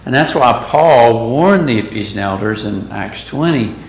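Reading verses aloud and breaking off to explain each one, a man teaches a relaxed Bible class at a slow pace. His voice sits at medium pitch with a lively intonation. The room is echoey, with some faint noise behind him.

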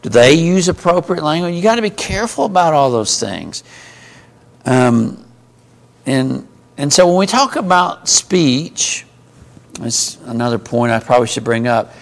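A man teaching a small Bible class in a relaxed, conversational manner. His voice has a gravelly, rough texture, and he keeps pausing to ask the group questions. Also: on the high side.

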